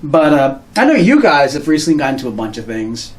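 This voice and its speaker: High-voiced man in lively podcast banter. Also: quick pace, a little hiss or hum. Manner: animated, slangy, acts out voices and laughs often. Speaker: podcast co-host. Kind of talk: casual chat.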